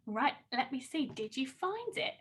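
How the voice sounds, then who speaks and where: A woman's voice: high voice, sing-song, measured pace, fairly bright tone, slight background noise. Sing-song woman teacher. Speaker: primary school teacher. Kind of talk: recorded online lesson. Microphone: computer mic while screen-sharing.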